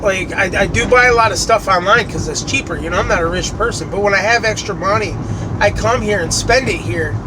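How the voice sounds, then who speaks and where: A man's voice: high voice, fairly quick. A man in his late thirties from the United States, ranting and swearing as he drives. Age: late 30s. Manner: angry, swearing rant. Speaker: vlogger. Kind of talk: ranting vlog while driving. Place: inside a moving car. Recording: road and engine noise from a car.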